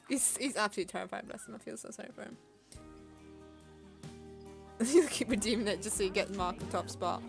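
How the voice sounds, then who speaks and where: A young woman streaming a game from her bedroom, chatting in a relaxed way and thinking aloud. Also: mid-range voice, fairly quick, vocal fry, pauses often. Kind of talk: casual gameplay chat. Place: bedroom at home. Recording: game music playing underneath.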